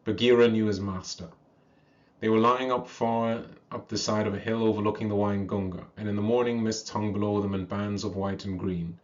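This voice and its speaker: A man reads a classic story aloud in a slow, measured way, chanting its verse passages. His voice sits low, and the recording is dull and lo-fi. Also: flat delivery.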